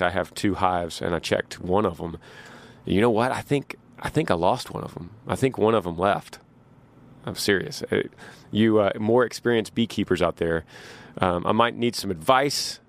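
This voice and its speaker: A man from Texas, hosting a podcast and telling stories casually in a rambling, folksy way with frequent restarts. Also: on the low side. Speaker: podcast host. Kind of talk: casual storytelling.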